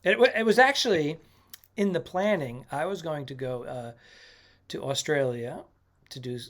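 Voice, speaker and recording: A male comedian chatting casually on a podcast, often pausing with ums and restarts. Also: a little high, expressive, a bit bright. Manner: easygoing, hesitant, many ums. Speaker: touring comedian, podcast co-host.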